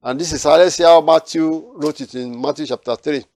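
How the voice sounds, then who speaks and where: A man's voice: on the high side, brisk, creaky, a little mellow, no room sound. A man teaching a Bible study, reading verses aloud and then explaining them, with frequent restarts.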